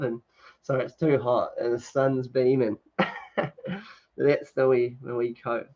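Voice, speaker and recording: Speaking in a steady, medium-pitched voice at an unhurried pace, a livestream host reads comments and chats casually, laughing and using many fillers. The setting is a sunny room at home, and the audio is dull and lo-fi.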